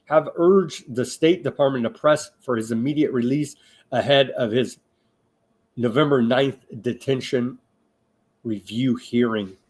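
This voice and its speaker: Male online news host, slow and measured, reads reports with halting asides and bursts into loud emphatic appeals. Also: mid-range voice. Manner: grows loud and emphatic when addressing listeners. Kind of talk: reading and commenting on news reports.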